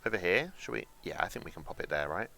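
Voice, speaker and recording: Young guy streaming a game, lowish voice but bright and crisp, joking around with chat. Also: big pitch swings, quick pace. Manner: chatty, jokey, reads out chat and swears. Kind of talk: casual gameplay commentary.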